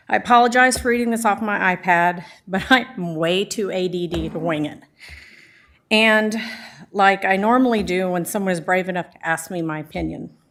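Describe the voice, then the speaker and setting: A woman's voice: medium pitch, fairly bright tone. An older woman, a former school librarian, reading an earnest, at times emotional public comment at a school board meeting. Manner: earnest, emotional, self-deprecating. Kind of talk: prepared public comment read aloud.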